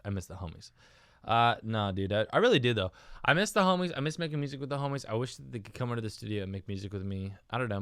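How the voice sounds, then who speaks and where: Young male podcast host, low voice, self-mocking rambler, dry close mic. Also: dry recording. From United States. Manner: rambling, self-mocking, says dude and man a lot. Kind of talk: casual solo podcast talk.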